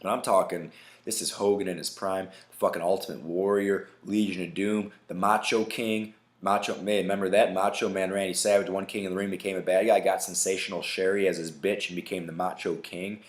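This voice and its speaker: A deep-voiced man in his thirties hosts his own podcast, talking in an emphatic, profane rant. He keeps checking in with "right?" and "all right?". The recording has a noticeable roomy echo. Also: flat delivery, fairly quick. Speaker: podcast host. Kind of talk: casual solo podcast rant. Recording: echoey room.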